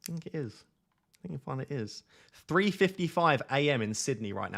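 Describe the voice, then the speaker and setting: A man's voice: mid-range voice, sing-song, fairly quick, creaky, fairly bright tone. A man hosting a live fantasy football stream from home at night, reading chat aloud in a jokey, self-mocking way.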